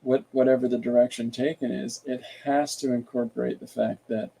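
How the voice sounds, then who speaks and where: A man hosting an art podcast, thinking aloud in a relaxed, rambling way while he draws and reads viewer comments. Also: mid-range voice, brisk, vocal fry, breathy edge, low-quality recording. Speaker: artist and podcast host. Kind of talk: casual livestream chat while drawing.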